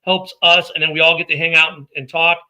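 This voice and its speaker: A man's voice: a little high, little pitch movement, fast talker, bright, forceful tone, low-quality recording. A man hosting a casual sports podcast, upbeat and joking as he plugs the show and signs off. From Minnesota. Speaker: podcast host.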